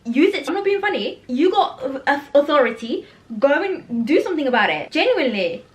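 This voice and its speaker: High-voiced, outspoken woman. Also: moderate pace. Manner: animated, outspoken, swears freely. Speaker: book vlogger. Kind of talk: casual reading vlog chat. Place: home, indoors.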